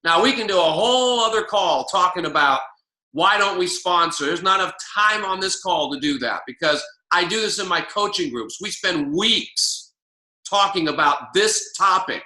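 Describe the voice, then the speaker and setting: Male motivational coach, emphatic and repetitive, high bright voice. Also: expressive, moderate pace, reverberant. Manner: emphatic, preachy, repeats key lines. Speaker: network marketing coach.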